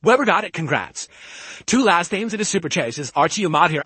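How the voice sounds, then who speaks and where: A man's voice: a little high, animated, quick pace, sharp tone, breathy edge, dry recording. Defensive male streamer, voice-changed. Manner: defensive, rambling complaints. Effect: voice changer altering his voice. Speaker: live streamer. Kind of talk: reading viewer donations on a live stream.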